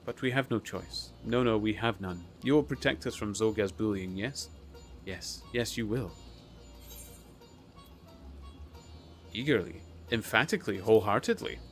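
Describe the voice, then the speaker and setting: A man's voice: fairly low pitch, normal speed, soft background music, lightly acted. A man voicing a timid, wailing male kobold who repeats his words in threes while reading a game's story aloud. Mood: pleading.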